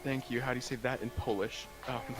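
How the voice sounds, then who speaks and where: A man's voice: mid-range voice, fairly even intonation, fast, over music, low-quality recording. A man chatting casually on a voice call, blunt and swearing often. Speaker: stream guest.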